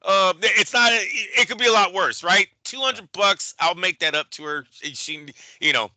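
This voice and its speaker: A man co-hosting a show, telling a story in casual chat, animated and profane, acting out the people he quotes. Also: high-pitched, moderate pace, no echo, low-quality recording. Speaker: boxing show co-host.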